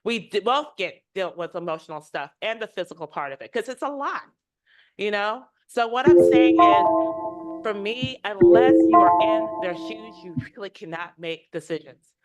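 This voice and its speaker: A woman's voice: mid-range voice, animated, moderate pace, loud music behind the voice. A woman from Oakland, a healthcare worker, giving heartfelt, emotional public comment at a transit board meeting. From Oakland, California.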